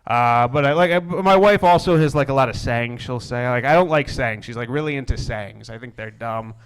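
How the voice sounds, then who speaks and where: A young man performing a stand-up comedy set, deadpan with wry asides that build into exasperated rants. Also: mid-range voice, brisk, clear, resonant tone. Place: comedy stage before a live audience.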